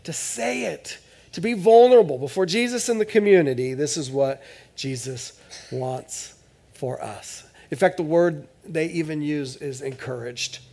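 A male pastor with a slightly high voice preaches a sermon in church at a measured pace, speaking conversationally and joking, swinging between loud bursts and hushed asides.

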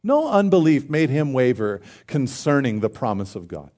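Male pastor, sermon, slightly high voice, earnest and conversational, humorous storyteller who builds to emphatic declarations. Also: a little mellow. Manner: tells stories with humor and acted-out dialogue.

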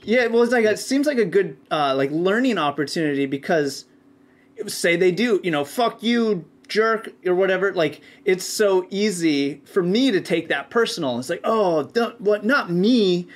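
A man hosting a casual conversation, relaxed and reflective. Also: high voice, moderate pace.

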